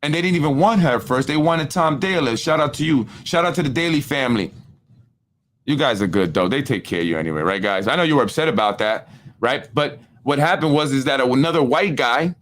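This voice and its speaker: A man delivers casual political commentary as the host of his own show. He talks in an animated, repetitive way, keeps checking in with his listeners, and slips into other people's voices when quoting them. His voice sits at an ordinary middle pitch. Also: brisk. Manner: animated, repetitive, with frequent tag questions; acts out other people's speech in quoted voices.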